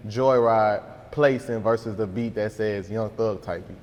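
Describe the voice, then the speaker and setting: A man interviewing a guest, asking questions in a relaxed, conversational way. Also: lowish voice, measured pace, long reverb tail, dull audio. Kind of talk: casual interview.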